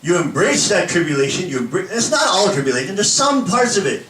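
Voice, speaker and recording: A man preaching a sermon, animated and laughing often as he acts out little scenes for the congregation. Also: high voice, a little fast, roomy sound, far from the mic, slight background noise, rough recording. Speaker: pastor. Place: church hall with an audience.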